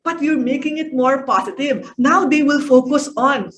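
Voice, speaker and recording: A woman's voice: sits high, normal speed. A middle-aged woman gives an online parenting talk over a video call, coaching parents and asking them questions. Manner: coaching, asks the audience questions. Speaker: parenting speaker and executive coach.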